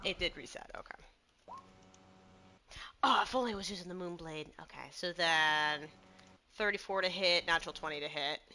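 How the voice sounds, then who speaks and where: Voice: medium pitch, moderate pace, pauses often, bright, forceful tone, slight background noise. A tabletop game player chatting casually through their turn, full of fillers, swearing and laughter.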